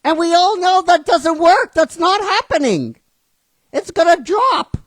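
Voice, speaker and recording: A woman hosting a show, ranting in excited disbelief, swearing and laughing. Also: extremely high pitch, slow pace, pauses often, dry recording. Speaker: host. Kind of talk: casual ranting commentary.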